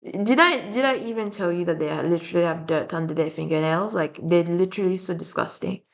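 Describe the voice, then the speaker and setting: Blunt ranting young woman, low voice. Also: fairly quick. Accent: French and Slavic. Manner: rambling and blunt, swearing often. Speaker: vlogger. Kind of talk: casual rant to camera.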